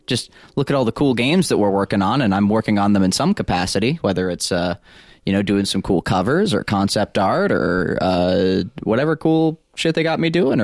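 A man's voice: fairly low pitch, dry recording, studio quality. A man co-hosting a podcast, rambling casually with filler words and swearing. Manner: rambling, swears, mock outrage. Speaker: podcast co-host.

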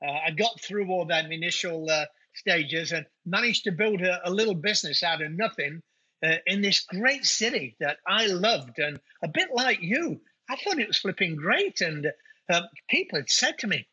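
A husky, bright-voiced middle-aged man with a Nottingham accent tells stories in an easy, rambling way. His delivery is forceful and slightly higher than most men's. The recording sounds dull and lo-fi. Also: lively intonation, moderate pace. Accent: English, Nottingham. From England. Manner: chatty, anecdotal, frequent uh fillers. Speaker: guest, winery owner. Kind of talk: casual interview chat. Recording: dull lo-fi audio.

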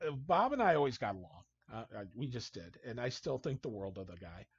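A man's voice: medium pitch, fairly quick, slightly rough, no echo. A man, a hockey coach guest, telling casual anecdotes and acting out what people said. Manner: animated storyteller, acts out quotes. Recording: dull, dry lo-fi sound.

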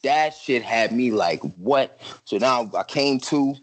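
A man's voice: mid-range voice, animated, measured pace, rough recording. A young man on a podcast telling a story in casual, profane slang and acting out his own quotes.

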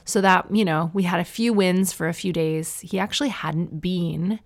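A woman's voice: fairly low pitch, normal speed, hardly any pauses. A Canadian woman in her thirties, chatting at home in a self-mocking, opinionated way. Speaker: vlogger. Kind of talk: casual chat to camera. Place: indoors at home.

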